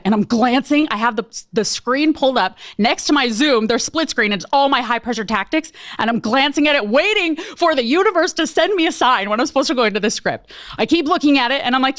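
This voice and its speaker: High-pitched female coach, lively storyteller, dry close sound, acts out her reactions. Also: fast, no room sound. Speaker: sales coach presenting a webinar. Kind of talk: storytelling presentation.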